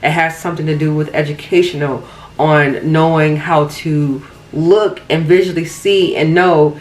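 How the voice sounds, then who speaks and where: A woman's voice: low-pitched, a little slow, low-quality recording. Chatty young woman telling a makeup-chair story. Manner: chatty, animated storytelling with laughs and asides. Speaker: makeup vlogger. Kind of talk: casual get-ready-with-me storytime.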